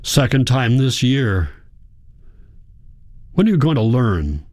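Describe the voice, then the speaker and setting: A man's voice: mid-range voice, very animated, slow pace, a little mellow, dry recording, studio quality, voice pushed up. A man voicing a harsh, bullying older father in a spoken story, snarling with scorn. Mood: scornful.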